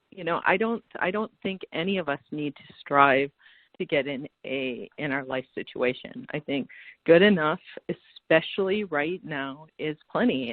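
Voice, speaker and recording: A man panelist in a webinar discussion, reflective and halting, repeating words as he starts a thought. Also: on the high side, dry recording. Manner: reflective, stammers on sentence openings. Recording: tinny phone-like call audio.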